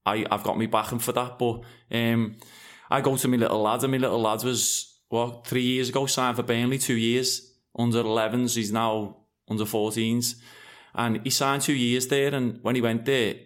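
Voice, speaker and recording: A middle-aged father who used to play professional football appears as a guest, speaking frankly in a rambling, casual conversation. His voice is medium in pitch and steady in tone at a moderate pace, and he often restarts his sentences.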